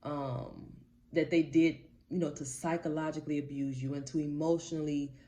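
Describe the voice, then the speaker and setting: A woman's voice: sits low, little pitch movement, normal speed, dark tone. Blunt, emphatic woman life coach. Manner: emphatic, blunt, repeats her points for stress; casual, slangy, addresses viewers directly. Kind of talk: motivational talk to camera.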